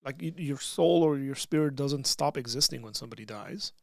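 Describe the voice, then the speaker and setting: On a casual livestream, a man reads out questions from chat and responds in an easygoing, conversational manner with lots of restarts. His medium-pitched voice is creaky and brisk, and there's no echo.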